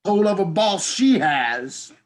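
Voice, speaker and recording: Man doing Uhtred, a loud bawdy warrior. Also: high-pitched, very animated, unhurried. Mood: boisterous. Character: boisterous hearty male warrior, gruff and bawdy.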